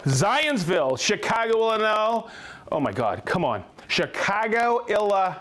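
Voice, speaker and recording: A man's voice: high-pitched, big pitch swings, measured pace, fairly bright tone. A man hosting a live product stream, chatty and upbeat, demonstrating tools and reading out viewers' hometowns. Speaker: host of a company livestream. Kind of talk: live product demo and viewer shout-outs.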